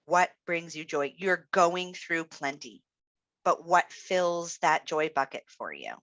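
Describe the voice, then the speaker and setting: A woman's voice: on the low side, animated, takes it slowly, a bit bright, no echo, highs cut off. A woman speech-language pathologist giving an encouraging, reflective webinar talk, with frequent fillers. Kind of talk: webinar presentation.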